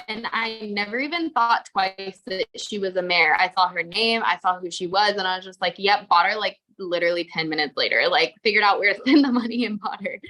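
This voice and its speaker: A young woman co-hosts a podcast, chatting casually in a medium-pitched voice that is bright and forceful. She is talkative, says "like" constantly and swears freely.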